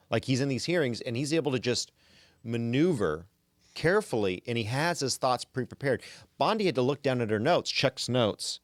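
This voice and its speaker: A man's voice: medium pitch, expressive, normal speed, dry recording, studio quality. A man hosting a podcast in casual chat, opinionated and stammering on his restarts. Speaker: podcast host.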